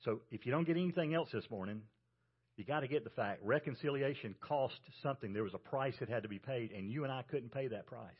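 A male pastor with a Southern US accent preaching a sermon, earnest, rising to emphasis and dropping soft. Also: medium pitch, fast, breathy edge. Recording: dull lo-fi sermon recording.

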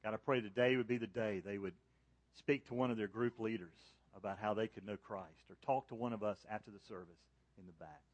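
A man preaching a sermon to a church congregation, rising to loud, high emphasis on key points and falling soft and low in prayer. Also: fairly even intonation, brisk, no room sound, dull audio. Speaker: pastor. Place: church service.

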